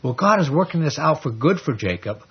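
A man's voice: fairly high pitch, very animated, fairly quick, breathy edge, highs cut off. A man teaching a Bible study, reading scripture aloud and explaining it in a conversational way, often asking the class questions. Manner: conversational, asks the class questions, many fillers.

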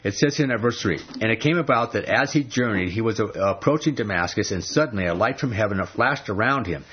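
A man's voice: lowish voice, animated, fairly quick, slightly rough, muffled recording. A man teaching from the Bible in a conversational sermon, emphatic and full of rhetorical questions. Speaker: preacher.

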